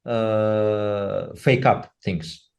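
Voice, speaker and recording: A slightly low-voiced man with a dark, mellow timbre talks loosely on a webinar. He halts often, fills gaps with "uh" and keeps checking in with a tag "right?". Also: fairly even intonation, creaky. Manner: halting, full of "uh" and tag "right?". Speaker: company leader speaking on a webinar. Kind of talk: unscripted webinar talk.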